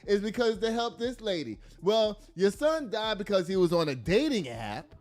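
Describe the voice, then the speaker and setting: A man's voice: sits high, big pitch swings, normal speed, a little mellow. A man giving blunt, profane, emphatic political commentary to his audience, laughing at his own jokes. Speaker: commentary host.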